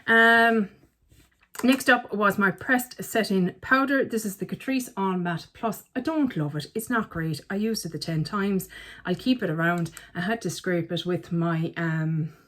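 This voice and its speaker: A woman's voice: mid-range voice, measured pace, fairly bright tone, a little hiss or hum. Chatty self-mocking woman. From Ireland. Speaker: beauty vlogger. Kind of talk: casual chat.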